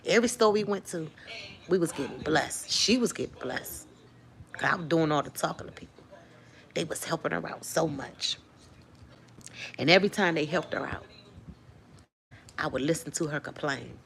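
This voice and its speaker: Gravelly-voiced woman giving a lively testimony. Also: low-pitched, moderate pace, pauses often, a little hiss or hum. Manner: animated storytelling, acts out quotes, laughs often. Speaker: host sharing a faith testimony. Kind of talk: lively spoken testimony to viewers.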